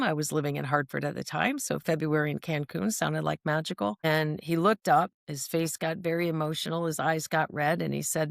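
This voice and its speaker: A woman's voice: low-pitched, steady tone, brisk, vocal fry, hardly any pauses, no room sound, clean studio sound. A woman speaking on mental health, telling personal stories in an earnest, emphatic way and often checking in with her listener. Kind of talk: personal storytelling monologue.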